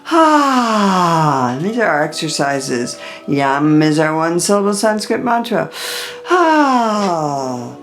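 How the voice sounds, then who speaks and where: A woman teaching a guided chakra meditation, giving slow, soothing instructions between chanted mantras. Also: sits low, soft background music.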